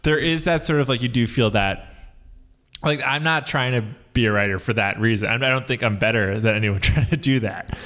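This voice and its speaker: A man's voice: mid-range voice, brisk, fairly bright tone. A young man, a comedy writer, co-hosting a podcast and chatting in a rambling, reflective way with lots of fillers. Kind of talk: casual comedic chat.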